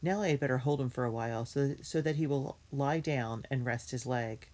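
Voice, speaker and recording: A woman's voice: a bass voice, normal speed. A woman voicing a kind, motherly older sister in a children's storybook read-aloud. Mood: gentle. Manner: gentle, orderly.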